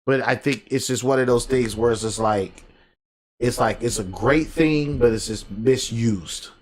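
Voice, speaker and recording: A man co-hosting a podcast in casual chat, animated and acting out little exchanges as he talks. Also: mid-range voice, measured pace. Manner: animated, acts out quoted texts and arguments. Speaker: podcast co-host. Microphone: desk USB microphone.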